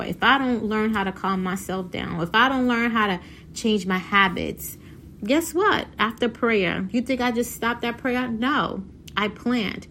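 A woman in her thirties from Haiti talking casually about her own life, animated and laughing often as she tells stories. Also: fairly high pitch, a little hiss or hum. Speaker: vlogger. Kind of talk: casual personal talk.

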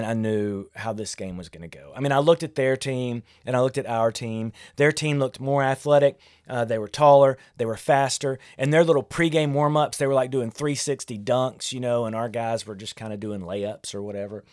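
Candid pastor, dry close sound. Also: male voice, mid-range voice, fairly quick, darkish tone, no echo. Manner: candid, self-deprecating, conversational with frequent restarts. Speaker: pastor and podcast host. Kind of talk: reflective solo podcast talk on parenting.

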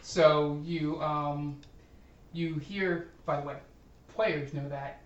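A man's voice: on the high side, fairly even intonation, slow, highs cut off. Um-filled game master man, distant and echoey. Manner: hesitant, many ums while describing scenes. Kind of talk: narrating a tabletop game.

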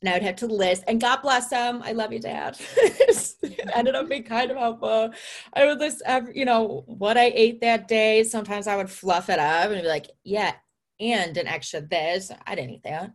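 A woman's voice: fairly high pitch, moderate pace. A young woman in casual chat, talking openly and reflectively and laughing often.

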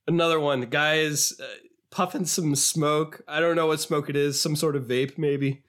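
A man co-hosting a podcast in casual chat, animated and sometimes quoting clips in a higher put-on voice. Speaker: podcast co-host.

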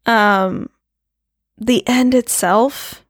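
A woman's voice: fairly high pitch, very slow, no echo, studio quality. A woman co-hosting a podcast in casual chat, trailing off and restarting her thoughts and laughing often. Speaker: podcast co-host.

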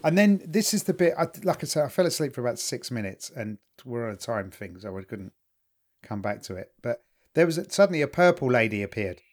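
A man's voice: mid-range voice, sing-song, fairly quick. A man in casual podcast chat, joking and incredulous, with casual swearing. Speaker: podcast co-host.

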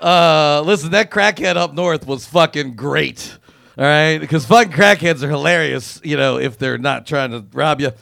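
A man performing a crude, profane stand-up comedy routine, riffing and acting out quotes with loud, punchy bursts. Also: a little high, normal speed, creaky, dry recording.

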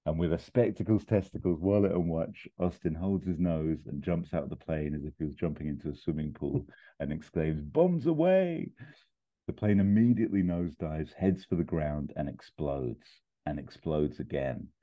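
A man narrating a comedy film pitch in an animated way. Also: normal speed. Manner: animated, laughs while telling the story. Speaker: podcast host pitching a film scene. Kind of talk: comic storytelling narration. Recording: tinny phone-like sound.

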